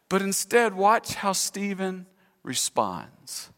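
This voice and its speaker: A male pastor preaching a sermon to a congregation in a church, animated and acting out quoted speech, leading the room in call-and-response. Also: high-pitched, normal speed. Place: church sanctuary. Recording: long hall reverb in church.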